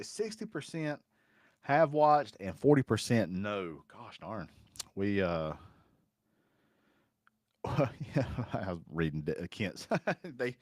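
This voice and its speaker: A man's voice: on the low side, no echo, clean studio sound. A man hosting a casual live stream, rambling in a folksy way and reading viewer comments aloud. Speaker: host.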